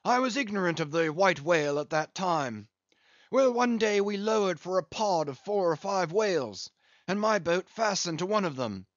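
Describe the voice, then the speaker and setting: A man's voice: high-pitched, animated, moderate pace, no echo, highs cut off, voice pushed up. A man voicing a hearty, good-humoured whaling captain telling a long sea story in an audiobook. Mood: storytelling. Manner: chatty yarn-spinning.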